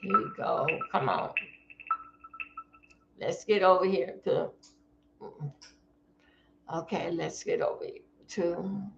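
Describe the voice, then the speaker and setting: A woman's voice: fairly low pitch, animated, slow pace, vocal fry, pauses often, muffled recording, noisy background. A woman from Florida, giving blunt casual commentary to her live-stream chat from home.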